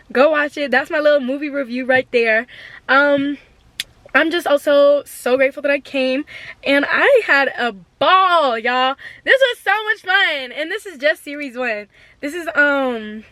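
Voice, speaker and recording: A woman's voice: sits high, a bit bright, no echo. A young woman vlogger chatting casually to her camera, gushing and full of slang.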